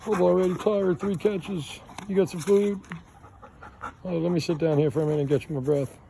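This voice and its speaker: A man's voice: sits high, fairly even intonation, moderate pace, vocal fry, background noise, pitched above the performer's own voice. A man voicing his tired pet dog, who whines and pleads breathlessly for a rest, outdoors in a backyard. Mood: whiny, weary.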